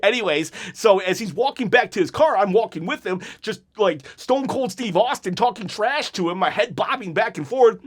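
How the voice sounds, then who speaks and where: A man in his forties chatting casually about wrestling promos, self-mocking and quick to laugh while telling a story. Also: high voice, lively intonation. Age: 40s. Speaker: wrestling commentary youtuber. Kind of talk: casual video commentary and storytelling.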